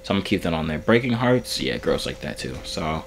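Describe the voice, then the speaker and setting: A man hosting a casual vlog, talking in a relaxed, rambling and slangy way. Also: extremely low pitch, brisk, vocal fry, heavy background noise. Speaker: YouTuber host.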